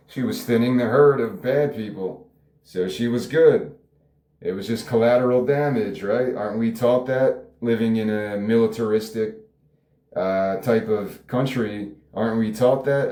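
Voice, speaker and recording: A man with a fairly low voice thinks out loud about his own story, wandering through restarts and side remarks. He chuckles often and swears casually. The sound is roomy, with a noticeable echo. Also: measured pace. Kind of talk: casual spoken reflection.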